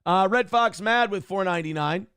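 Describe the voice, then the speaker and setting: Brief: smug male host, slightly high voice, dry close sound, taunting rant. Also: normal speed, a bit bright, clean tone, no room sound. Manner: snarky and smug; mocking, taunting asides. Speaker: streamer host. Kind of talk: casual ranting commentary.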